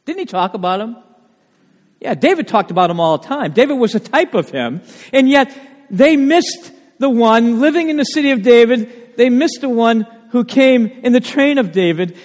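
A male pastor preaching a sermon, animated and full of rhetorical questions. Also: very high voice, moderate pace. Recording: long reverb of a church hall.

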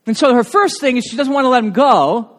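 A man preaching with a high, very lively voice that swoops up and down as he tells stories. He often restarts his phrases mid-thought. His voice rings out in a church hall with a long echo. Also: fairly quick. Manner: animated storytelling with frequent restarts. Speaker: pastor. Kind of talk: sermon.

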